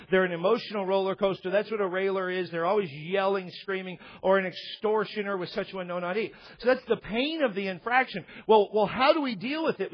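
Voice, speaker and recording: A high-pitched man preaching a sermon from the pulpit. He mixes scripture with jokes and conversational asides, often restarting his words. The recording sounds muffled and lo-fi. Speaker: pastor.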